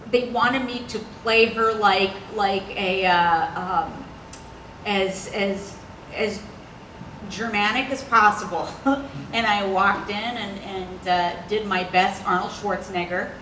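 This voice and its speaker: An animated, bubbly woman talks on a convention panel and laughs often. Her voice carries across a large, echoey hall, picked up from a distance with faint room noise underneath. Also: mid-range voice. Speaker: voice actress, panel guest.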